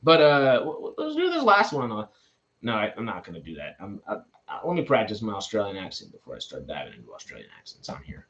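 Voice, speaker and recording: A man's voice: on the low side, huge pitch swings, fast, a bit bright, highs cut off, slight background noise. Young man rambling over film news. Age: 20s. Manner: reads news items, then rambles with asides and restarts. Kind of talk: casual news commentary.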